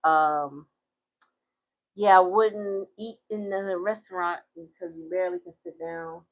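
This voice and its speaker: A middle-aged woman with a low voice chats casually on her channel. She tells a story in a slangy, easygoing way and laughs often. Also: fairly even intonation, measured pace, vocal fry, highs cut off. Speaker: tarot reader and channel host. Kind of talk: casual chat.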